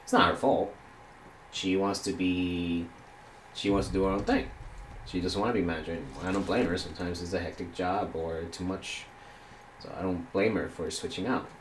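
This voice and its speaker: A man's voice: low-pitched, fairly even intonation, normal speed, reverberant, a little hiss or hum. A man streaming a game while telling a rambling story, quoting people and swearing casually.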